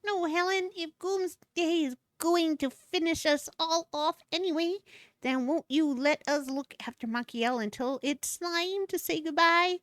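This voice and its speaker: A woman's voice: extremely high pitch, measured pace, a bit bright, no echo, studio quality, voice pushed up. A woman voicing a bubbly little monster that mangles words playfully, reading game dialogue. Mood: curious.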